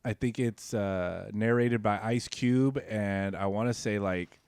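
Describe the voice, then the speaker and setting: A young man, riffing on a comedy podcast. His delivery is loose and profane, and his pitch leaps up whenever a story gets going. The sound is dry and close on the mic. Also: measured pace, darkish tone, smooth, no echo. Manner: loose and profane, voice jumps high when storytelling. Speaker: podcast co-host. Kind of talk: casual comedy podcast chat.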